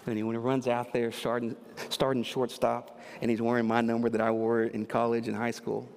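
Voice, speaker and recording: A man preaching a sermon, moving between quiet storytelling and loud, fervent preaching. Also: mid-range voice, completely flat delivery, brisk, vocal fry. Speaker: pastor. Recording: reverberant hall with faint ambience.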